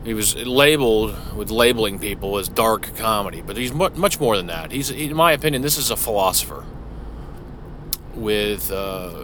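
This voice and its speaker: Middle-aged male solo podcaster, deeper voice, loose swearing chat recorded in his vehicle. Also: expressive, moderate pace, fairly bright tone, a little hiss or hum. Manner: casual and profane, with frequent restarts. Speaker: podcast host. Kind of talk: rambling solo podcast monologue. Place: inside a parked vehicle.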